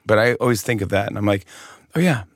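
A man, a comedian guest on a podcast, chatting casually and telling lively stories that break into laughter. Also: on the low side, fast talker, no room sound, clean studio sound. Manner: lively storyteller, bursts of laughter. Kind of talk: casual chat.

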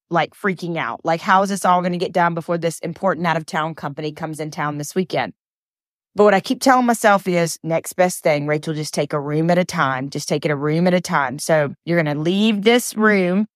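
A woman hosting a podcast, giving an earnest, animated motivational talk full of repeated phrases. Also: medium pitch, no room sound, clean studio sound. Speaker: podcast host and coach.

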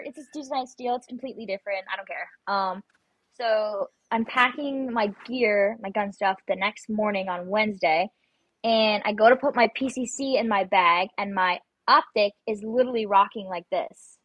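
A young adult woman, a competitive shooter appearing as a guest on an interview show, chats casually and tells stories, acting out her own panicked lines. Her voice is medium-pitched and a bit bright, at a moderate pace. The recording is low quality with no room sound.

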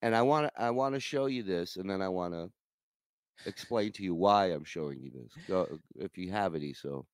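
A man's voice: low-pitched, normal speed, no echo. A man in his forties hosting a podcast, telling a comedic story with lots of profanity and acting out the people in it. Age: 40s. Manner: animated, profane, acts out quoted people. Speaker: podcast host.

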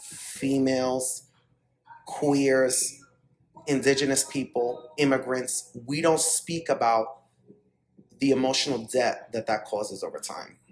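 A man's voice: medium pitch, slow pace, slight background noise, poor audio. A man from the Bronx, New York, guest on a podcast, telling his own story with emphatic, candid, freely swearing delivery. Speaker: podcast guest, startup CEO. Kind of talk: storytelling in an interview.

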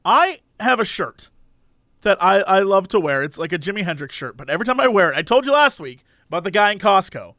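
High, bright-voiced young man telling stories. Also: a little fast, no room sound, studio quality. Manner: animated storyteller who acts out quoted voices. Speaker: podcast co-host. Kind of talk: casual chat. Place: Los Angeles area.

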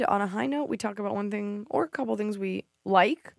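A woman hosting a podcast, telling stories in a casual comedic chat, swearing and mimicking people in a shrill voice. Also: brisk, gravelly, dry recording, clean studio sound. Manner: animated storytelling, swears freely, mimics others in a shrill voice. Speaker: podcast host.

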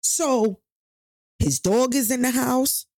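A woman, telling a personal story on a podcast in a casual, animated and profane way, acting out what people said. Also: high-pitched, slow pace, no room sound, studio quality. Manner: animated, profane, acts out quotes loudly.

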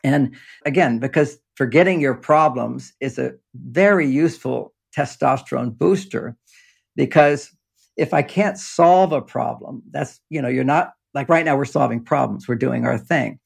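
Speaking from an underground home office, an older man who writes about relationships rambles and explains things as a guest in a casual interview, laughing often. His mid-range voice is gravelly with a breathy edge, and he keeps a moderate pace.

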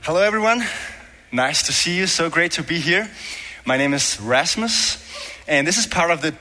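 A man's voice: on the high side, expressive, moderate pace, pushed and bright, soft background music. A young man from Denmark with a Danish accent, preaching a sermon in a joking, self-deprecating, conversational way. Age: young adult. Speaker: guest preacher. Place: church hall. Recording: long hall reverb.

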